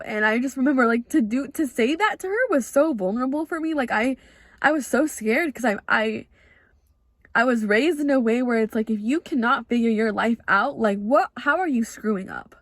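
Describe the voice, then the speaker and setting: A young woman talks through a personal story on her solo podcast, filling her sentences with "like" and acting out what she once said. Her voice sits a little high, and the sound is dry with no room echo. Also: a little fast. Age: young adult. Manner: chatty and confessional, heavy use of "like"; acts out her own past words in quotes. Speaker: podcast host.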